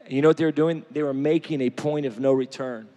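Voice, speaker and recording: A man preaching an energetic sermon, joking with the crowd and swinging from shouts to near-quiet. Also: medium pitch, quick pace. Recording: long hall reverb.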